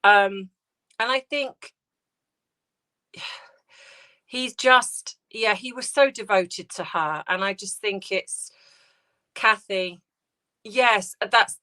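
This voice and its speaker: Tearful woman, slow and bright. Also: medium pitch. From United Kingdom. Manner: tearful, halting, greeting viewers by name. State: grieving, close to tears. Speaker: livestream host. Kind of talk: emotional casual livestream chat.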